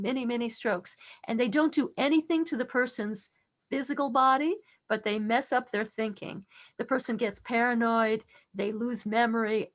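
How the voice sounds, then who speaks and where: Middle-aged woman teacher, higher register, earnest and expressive, tells a personal story with restarts. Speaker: class teacher.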